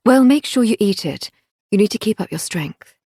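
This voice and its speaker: A woman's voice: medium pitch, animated, normal speed, warm tone, breathy edge, no room sound, studio quality, pitched above the performer's own voice. A woman voicing a driven woman detective with a firm, commanding manner in an audiobook. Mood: concerned. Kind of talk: audiobook narration.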